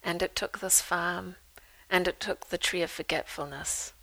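A woman's voice: lowish voice, a little slow, poor audio. A woman author reading from her memoir and telling stories with dry humor. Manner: lively storyteller, dry humor.

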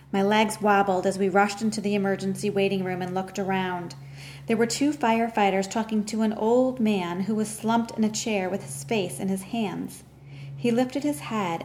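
A woman narrates a first-person novel in a measured, earnest storytelling voice. Her reading has the steady pace of an audiobook, with a faint hiss in the background. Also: medium pitch.

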